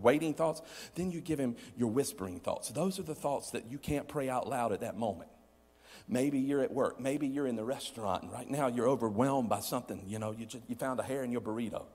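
A man preaching a sermon as pastor, calling on the congregation to answer back and swinging between loud bursts and hushed, near-whispered asides. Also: mid-range voice, brisk, slightly rough. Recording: long hall reverb.

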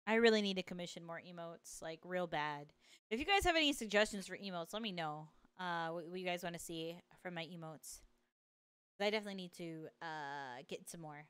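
A young woman streaming a video game, chatting casually with viewers, excitable and playful, swearing freely and using slang. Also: lowish voice, a little fast, clear, resonant tone, no room sound. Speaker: livestreamer. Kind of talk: casual gameplay chat with viewers.

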